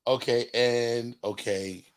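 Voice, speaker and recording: A man's voice: mid-range voice, fairly even intonation, slow pace, crowd noise. A man hosting a podcast, chatting casually and bantering playfully with his guest. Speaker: podcast host. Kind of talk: casual chat.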